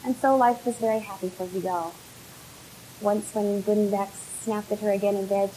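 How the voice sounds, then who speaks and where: Woman storyteller, gentle unhurried narration, mid-range voice, faint hiss. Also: mid-range voice, steady tone, poor audio. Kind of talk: live folk tale storytelling, then answering questions.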